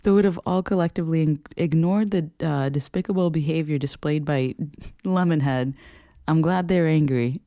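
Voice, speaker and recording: A man hosting a casual commentary show, talking in an expressive, sarcastic way, swearing freely and laughing often. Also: fairly high pitch, moderate pace, no room sound, clean studio sound. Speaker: podcast host.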